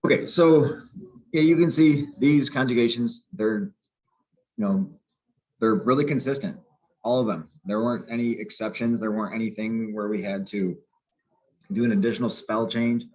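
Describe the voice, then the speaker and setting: A male teacher walks through grammar patiently, circling back to repeat the key points. His voice sits on the low side. The recording sounds a little dull and lo-fi. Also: moderate pace, a little mellow. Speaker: Spanish teacher. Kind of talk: explaining grammar lesson.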